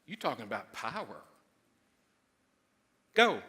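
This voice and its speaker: A middle-aged man preaching a sermon as pastor, excitable and emphatic, loud at times. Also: high voice, moderate pace.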